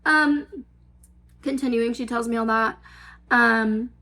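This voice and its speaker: A woman's voice: on the high side, fairly even intonation, slow pace, bright, forceful tone. A woman in her twenties telling a storytime vlog, rambling and filler-heavy, swearing freely. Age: 20s. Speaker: vlogger. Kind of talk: casual storytime.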